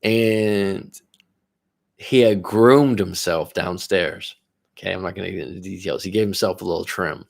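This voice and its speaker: A man's voice: low voice, moderate pace, vocal fry. A man coaching and telling a story in a casual, profane, rambling way, often restarting his sentences. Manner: rambling, profane, self-interrupting. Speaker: life coach. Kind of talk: casual storytelling on a live stream.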